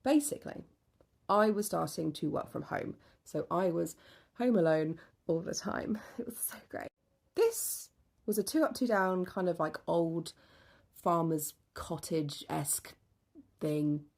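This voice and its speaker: A woman's voice: fairly low pitch, expressive, unhurried, gravelly, a little mellow. A young woman telling a true ghost story in a blunt, casual way with some swearing.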